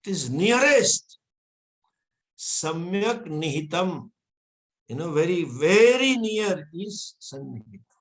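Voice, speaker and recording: Slow, chuckling man teaching scripture. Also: high voice, sing-song, fairly bright tone. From India. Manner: chuckles often, explains slowly and patiently. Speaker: Vedanta teacher. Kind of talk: scripture lecture.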